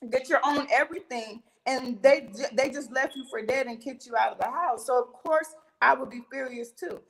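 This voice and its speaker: A young woman with a strikingly high voice appears as an interview guest, telling her story in loose, casual talk. Animated and swearing freely, she cuts into others' lines while recounting a heated fight. Her pace is normal and the recording quality is low.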